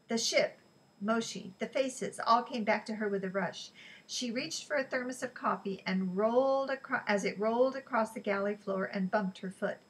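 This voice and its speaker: A woman reading a novel aloud in an even, unhurried way, with small slips she corrects. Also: a little high, husky, rough recording. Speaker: reader.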